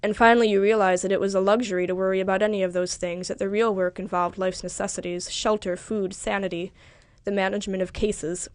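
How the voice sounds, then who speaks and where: A woman narrating a literary audiobook in the second person with a measured, wry, precise delivery. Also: medium pitch, level tone, no room sound.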